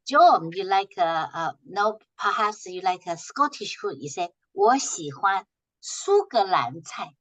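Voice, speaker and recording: A woman teaching a language class, patiently repeating short phrases slowly for her students to echo. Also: medium pitch, animated, fairly bright tone.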